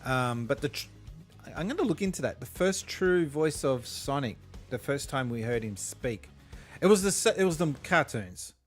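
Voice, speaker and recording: A man's voice: medium pitch, lively intonation, normal speed, faint music behind. A man, streaming a game and telling rambling, profane anecdotes with frequent chuckles. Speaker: gaming streamer. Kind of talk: casual gameplay chat.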